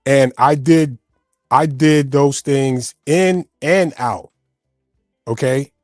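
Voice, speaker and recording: A man's voice: mid-range voice, extremely slow, dry recording, studio quality, soft background music. A man speaking as a guest in a heated panel debate, emotional and stammering, repeating himself.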